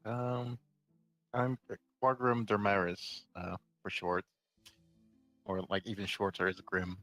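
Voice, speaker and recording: A man's voice: on the low side, level tone, takes it slowly, pushed and bright, no echo, soft background music, rough recording. A man playing a tabletop game, speaking in a hesitant, stumbling way with many fillers. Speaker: player. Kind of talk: in-character tabletop chat.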